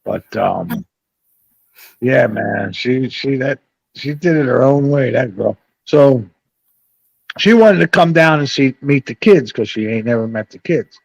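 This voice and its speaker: A man's voice: mid-range voice, lively intonation, a little slow, vocal fry, no echo, rough recording. A middle-aged man telling a rambling, profane story on a live chat panel.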